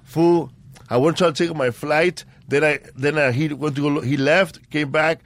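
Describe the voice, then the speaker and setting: A man's voice: a little high, fairly even intonation, measured pace. Slangy man telling party stories. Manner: slangy, profane, keeps saying bro and man. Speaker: podcast host. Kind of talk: casual podcast chat.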